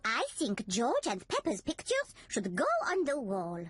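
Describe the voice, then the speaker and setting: A woman voicing a kind, gentle cartoon gazelle who teaches at a playgroup and speaks in a warm, encouraging way. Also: fairly high pitch, wildly swooping pitch, a little slow, music in the background. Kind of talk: cartoon voice acting.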